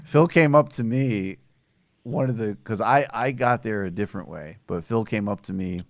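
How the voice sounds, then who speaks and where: A man's voice: fairly low pitch, normal speed, no echo. A man hosting a podcast, joking and rambling in a casual chat, full of restarts and asides. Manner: joking, rambling with self-corrections. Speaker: podcast host.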